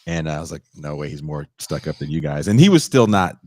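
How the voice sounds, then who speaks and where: A man's voice: rumbling low, lively intonation, fairly quick, a little mellow, dry recording. A man hosting a podcast, telling rambling stories in casual chat and reading a guest introduction. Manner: rambling storyteller, acts out quoted voices. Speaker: podcast host.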